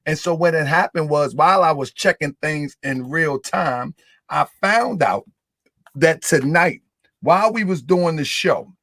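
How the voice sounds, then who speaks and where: A man's voice: a little high, measured pace, a bit bright, dry recording, clean studio sound. A man hosting a live stream, talking casually and loosely to his audience, repeating himself as he works his screen. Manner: loose, repetitive, talks the audience through the screen. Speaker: host.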